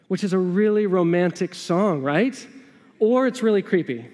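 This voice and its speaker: High-voiced preacher in a reverberant hall. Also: male voice, expressive, normal speed, a little mellow. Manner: conversational, acts out listeners' inner voices. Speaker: pastor. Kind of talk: sermon.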